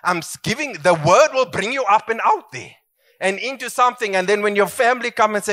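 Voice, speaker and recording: A man's voice: high voice, lively intonation, fairly quick, pushed and bright. A middle-aged man preaching a sermon as pastor, emphatic and swooping, calling for amens.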